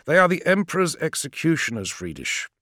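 A curt, condescending commander snaps orders and dry asides, as a man reading an audiobook puts him on. The voice sits a touch higher and pushes forward with quick, clipped lines. It is recorded close and dry. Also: very animated, bright, forceful tone, no room sound, exaggerated voice. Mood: sardonic. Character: brisk sardonic commanding man, an imperial agent.

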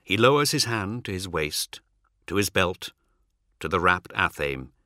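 A man reading a novel aloud as narrator, measured and dramatic. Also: low-pitched, animated, pushed and bright, no room sound, clean studio sound. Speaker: audiobook narrator. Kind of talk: scripted narration.

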